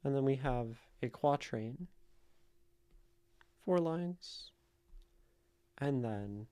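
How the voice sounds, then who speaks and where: Slow, deliberate male streamer reading poetry. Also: mid-range voice, dark tone. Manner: recites poems, then explains meter and taps out stress beats.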